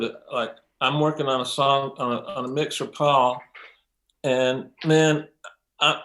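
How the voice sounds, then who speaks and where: An older man, a mix engineer as interview guest, telling stories in a lively way, acting out quotes, with many ums and some swearing. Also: medium pitch. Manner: animated storyteller, acts out quotes, frequent ums and profanity. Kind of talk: casual interview storytelling.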